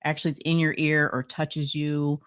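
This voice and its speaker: A New Jersey woman co-hosts a podcast as a paranormal investigator, telling her stories in a chatty way, laughing often and saying "like" a lot. Her voice is deep and smooth, with little pitch movement and a moderate pace.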